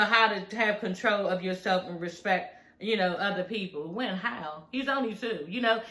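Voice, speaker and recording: Bright-voiced woman giving a blunt recap. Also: mid-range voice. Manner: chatty, blunt, profane commentary. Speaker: reality TV recap vlogger. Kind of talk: casual reality-show recap. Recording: roomy echo.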